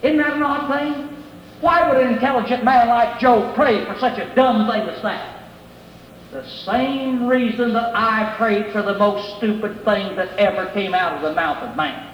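A middle-aged man preaching an earnest, pleading sermon in a church, pausing to read scripture aloud. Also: very high voice, dull audio, a little hiss or hum. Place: church sanctuary. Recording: echoey hall, faint room ambience.

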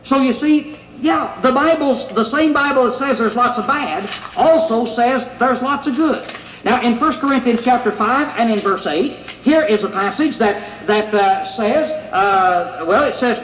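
A man's voice: very high-pitched, muffled recording, a little hiss or hum. Man, middle-aged, preacher, earnest pleading sermon, echoey room, faint ambience. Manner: earnest, pleading, reads scripture aloud with pauses. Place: church sanctuary.

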